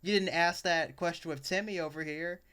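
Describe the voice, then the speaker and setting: A man's voice: fairly high pitch, steady tone, normal speed, a crowd in the background. A young adult man co-hosting a podcast, telling personal stories in a casual chat that rambles, with lots of fillers and restarts. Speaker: podcast co-host.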